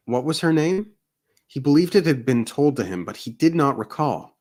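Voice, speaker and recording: A man, co-host of a book channel, narrating a fantasy story aloud in a steady reading voice. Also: fairly high pitch, moderate pace. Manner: steady reading, jokey asides. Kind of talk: amateur story read-aloud.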